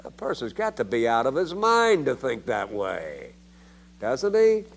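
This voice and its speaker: A man's voice: huge pitch swings, unhurried, creaky. An older man giving a theology lecture, emphatic and full of rhetorical questions, with his voice jumping up for emphasis. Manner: emphatic, with rhetorical questions and sudden rises in pitch.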